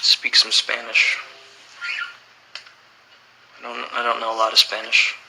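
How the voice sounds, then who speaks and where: A man in his thirties chats on a livestream, reading each fan question aloud before answering it in a relaxed, easygoing way. His voice is strikingly bright and forward, with a faint hiss behind it from a home setup. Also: medium pitch, a little slow, rough recording. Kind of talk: casual livestream Q&A.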